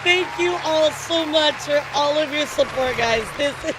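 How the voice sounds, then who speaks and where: Very high-voiced excitable streamer woman. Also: a little slow, a crowd in the background, background noise. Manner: excitable, laughing, swearing, stammering repeats. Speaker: livestreamer. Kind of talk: casual livestream chat with viewers.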